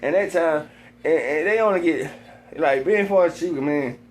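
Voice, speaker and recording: A man in a rambling monologue, swearing constantly and repeating himself, sometimes getting heated and loud. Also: on the high side, normal speed, slight background noise. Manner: gets heated and loud at times.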